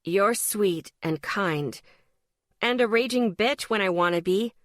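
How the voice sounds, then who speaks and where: A woman's voice: medium pitch, takes it slowly, dry recording, clean studio sound, natural voice. A woman voicing a sarcastic, hot-tempered teenage girl who snaps back in an audiobook. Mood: defiant. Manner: sarcastic, snappy.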